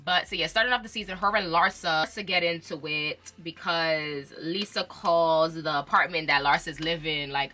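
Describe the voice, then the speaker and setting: A woman's voice: sits low, moderate pace, few pauses. A young woman, chatting casually about reality TV with lots of slang and laughter. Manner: animated, chatty, uses slang and laughs often. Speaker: reality TV commentator. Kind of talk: casual chat.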